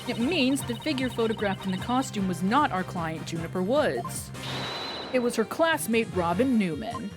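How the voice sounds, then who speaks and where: A woman voicing a calm, confident male defense lawyer who explains evidence step by step. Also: on the high side, moderate pace, music in the background, natural voice.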